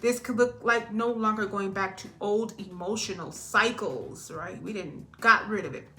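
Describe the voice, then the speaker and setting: A woman talks through a tarot reading in a loose, chatty way. She laughs often and wanders off topic before coming back to the cards. Her voice sits at an ordinary middle pitch. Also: moderate pace, bright, forceful tone. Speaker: tarot reader.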